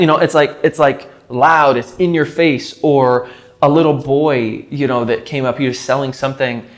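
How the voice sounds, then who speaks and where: In a rented house, a male vlogger rambles casually to the camera, leaning hard on the filler word "like." His medium-pitched voice keeps a fairly even intonation at a normal speed.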